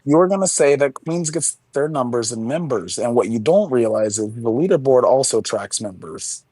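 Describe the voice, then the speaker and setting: A man on a live stream making joking complaints, with halting restarts. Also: mid-range voice, expressive, darkish tone, slightly rough, no room sound. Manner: joking, hesitant restarts, swears. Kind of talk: casual live-stream chat.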